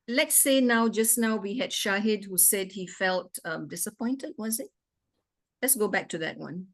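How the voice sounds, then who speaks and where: Woman doctor giving an emphatic talk. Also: mid-range voice. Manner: emphatic, repeats rhetorical questions. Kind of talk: interactive health talk with Q and A.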